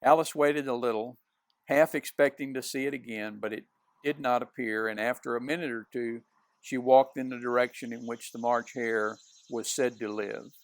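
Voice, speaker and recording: Gravelly man reading a storybook aloud. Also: medium pitch, steady tone, moderate pace, no room sound. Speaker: reader. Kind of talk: reading a children's novel aloud.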